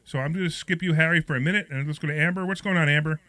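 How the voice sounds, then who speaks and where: A man hosting a live call-in radio show, joking and chatting quickly with callers. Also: a little high, sharp tone, dry recording.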